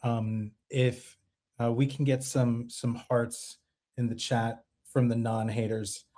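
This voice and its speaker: A man hosting a live-streamed talk, speaking in a relaxed, measured way. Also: medium pitch. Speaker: host.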